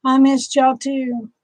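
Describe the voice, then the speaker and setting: A woman's voice: sits high, a little mellow, no room sound, poor audio. A woman with a Southern US accent, tearful and emotional, chatting casually with viewers on a livestream. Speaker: livestream host. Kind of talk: casual live chat with viewers.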